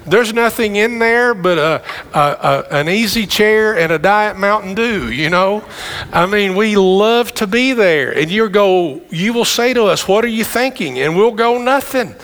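A middle-aged man preaching a sermon, speaking conversationally with quick asides to the congregation. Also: high voice, fairly bright tone. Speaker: pastor. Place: church sanctuary. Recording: long hall reverb.

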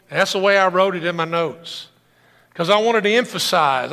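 A man preaching a sermon as pastor, building into impassioned, loud, high-pitched stretches. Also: expressive, moderate pace, gravelly, long reverb tail.

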